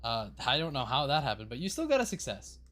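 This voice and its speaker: The voice is a man of middle pitch acting as game master for a sci-fi horror tabletop game. He narrates in a loose, rambling way, full of "um" and "like," with an offhand curse now and then. Faint music plays underneath. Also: wildly swooping pitch, quick pace, fairly bright tone. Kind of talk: running a tabletop game over voice chat.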